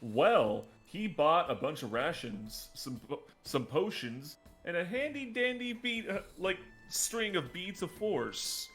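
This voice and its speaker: A man chatting casually as a player before a tabletop game, unhurried and easygoing. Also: on the high side, sing-song, fairly bright tone, faint music behind.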